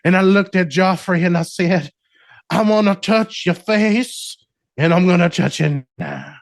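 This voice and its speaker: A man voicing a gushing Southern romance-novel narrator, slow and overly dramatic. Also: sits high, big pitch swings, dry recording, studio quality, pitched above the performer's own voice, full character voice. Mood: swooning.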